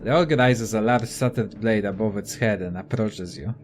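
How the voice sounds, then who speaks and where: A man's voice: fairly low pitch, normal speed, faint music behind. A young man casually commenting on a video game and reading its text aloud, offhand and profane. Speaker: let's play gamer.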